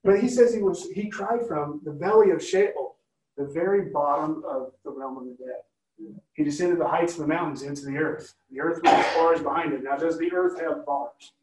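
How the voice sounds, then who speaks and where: A man's voice: fairly high pitch, normal speed, a little mellow. A man leading a Bible study, teaching conversationally and often checking in with listeners by asking questions. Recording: roomy, from a distance.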